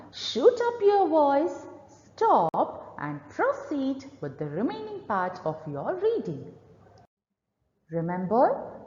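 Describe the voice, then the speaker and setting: A woman teacher leads a reading lesson, speaking slowly and deliberately. Her pitch rises and falls widely as she models expressive reading. The recording is reverberant and dull, with a long room echo.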